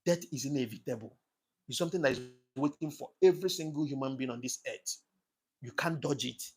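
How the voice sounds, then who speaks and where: A man's voice: medium pitch, fairly quick, breathy edge. A man giving an impassioned, preachy political monologue, repeating his points for emphasis. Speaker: commentator on his own channel.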